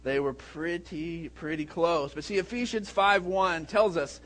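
A man in his thirties, a pastor preaching a sermon with animated storytelling, who breaks into shouts when he acts out a scene. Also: on the high side, unhurried.

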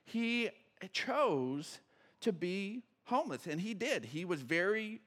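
A middle-aged man preaching a sermon as a pastor, telling a story that swings from loud excited bursts to quiet low asides. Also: slow.

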